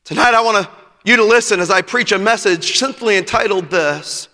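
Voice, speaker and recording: A man preaching a sermon at a youth conference, telling a personal story with bursts of shouting at the climaxes. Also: high voice, normal speed. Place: church auditorium. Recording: long reverb of a church hall.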